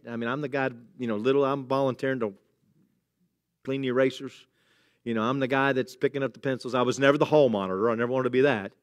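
A man's voice: medium pitch, a bit bright. A middle-aged man preaching a sermon in a church, conversational and jokey, with chuckles and asides to the congregation. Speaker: pastor. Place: church sanctuary.

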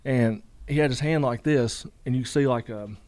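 A man's voice: mid-range voice, moderate pace, darkish tone, no room sound. A middle-aged man, telling a story casually in a rambling way, full of fillers and quoted dialogue. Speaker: guest.

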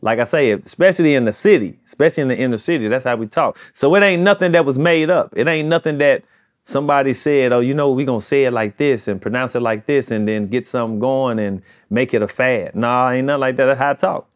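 A man's voice: medium pitch, fast. St louis guy telling his story in an interview, lots of slang, says stuff twice for emphasis. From St. Louis, USA. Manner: repetitive, emphatic, loose slang. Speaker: rapper, interview guest.

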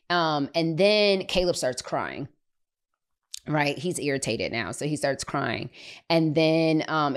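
A woman, telling a personal faith story on a podcast in a lively, conversational way. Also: sits low. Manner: animated, acts out children's voices, laughs often. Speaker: podcast host.

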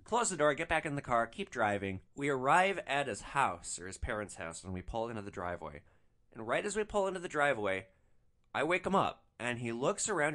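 A man hosting a podcast, telling profane stories in a lively storytelling manner. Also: medium pitch. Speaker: podcast host.

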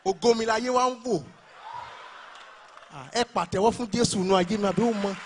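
A man with a Nigerian accent performing animated stand-up comedy live at a church event. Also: high-pitched, a little fast, background noise. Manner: animated, mixing Pidgin and Yoruba.

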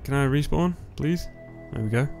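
A man commentating his own gameplay, excitable and yelling at setbacks, his voice going hoarse on a close, loud mic. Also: medium pitch, moderate pace. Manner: excitable, yelling when dying in game. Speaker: gaming YouTuber. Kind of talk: let's play commentary. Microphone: close headset or desk mic, loud. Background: faint background music.

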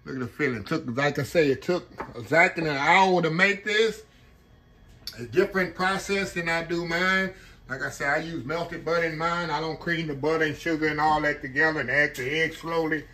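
A bright, ringing man with a somewhat high voice talks his viewers through his kitchen work in an easy, folksy way. He keeps turning to the audience as he goes, relaxed and chatty. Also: normal speed. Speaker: cooking channel host. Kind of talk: casual cooking vlog.

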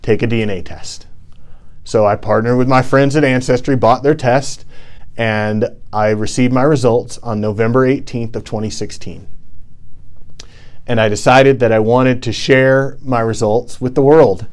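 A man's voice: medium pitch, fairly even intonation, unhurried. A man giving a TED-style inspirational talk as a presenter, earnest and impassioned, building emphasis through rhythmic repetition.

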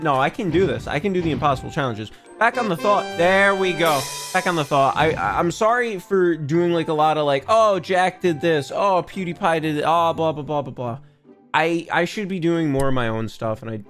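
A man's voice: on the high side, a bit bright. A young man giving goofy, rambling let's-play commentary from his home office, often stumbling over his words. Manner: goofy, rambling, self-aware jokes, frequent stammered restarts. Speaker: gaming YouTuber.

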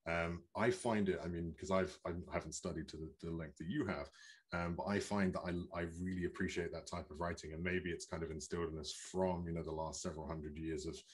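A man hosting a casual author interview, relaxed and encouraging. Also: sits low, fast talker, breathy edge. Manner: relaxed, encouraging, brief backchannels. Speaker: interviewer host.

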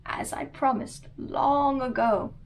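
A woman voicing a kind, patient quilt maker in a children's storybook reading, speaking calmly and firmly. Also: sits high, slow, a little hiss or hum. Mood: gentle.

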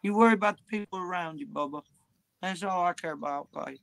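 A woman's voice: on the low side, quick pace, gravelly, dry recording. A woman livestreaming, talking in a crude, profane, drawling ramble.

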